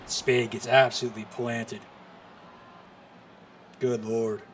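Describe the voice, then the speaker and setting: A man doing live play-by-play commentary on a wrestling match, excitable and full of exclamations. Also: mid-range voice, slow pace, a little hiss or hum. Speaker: streamer commentator.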